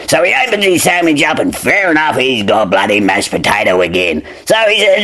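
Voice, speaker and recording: Man, Australian accent, drunk, sweary, rambling joke teller, very lively pitch. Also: moderate pace, hardly any pauses. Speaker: comedy podcast joke teller. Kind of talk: rambling crude joke telling.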